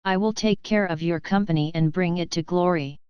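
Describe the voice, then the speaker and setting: A woman's voice: fairly low pitch, a little fast, clear, resonant tone, no echo, lo-fi sound, close to an everyday voice. A woman reading the lines of a ruthless, gloating villain businessman piloting a mech. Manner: gloating, sneering.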